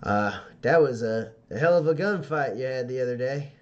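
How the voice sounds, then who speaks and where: A man's voice: medium pitch, lively intonation, moderate pace, highs cut off, close to an everyday voice. A man voicing a nervous, friendly frontier man with a folksy drawl in a tabletop game. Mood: eager.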